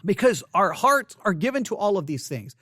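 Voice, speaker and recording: A man hosting an informal devotional study, talking in a halting way and often repeating and correcting himself. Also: sits high, very animated, fairly bright tone, dry recording, studio quality.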